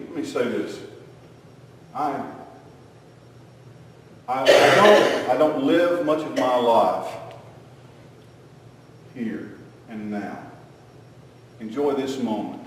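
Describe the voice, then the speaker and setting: A man's voice: medium pitch, slow pace, pauses often, slight background noise. An older man preaching a sermon, telling folksy family stories and acting out the voices in them. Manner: folksy storytelling, animated quoting. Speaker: pastor. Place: church sanctuary. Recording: echoey hall, distant mic, faint ambience.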